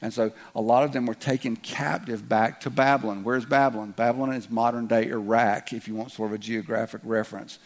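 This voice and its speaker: A man's voice: medium pitch, fairly even intonation, fairly quick, hardly any pauses. A man with a Southern US accent, a pastor leading prayer and preaching a sermon to a church congregation in a folksy, joking way. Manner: folksy and joking, speeds up when reading scripture. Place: church sanctuary.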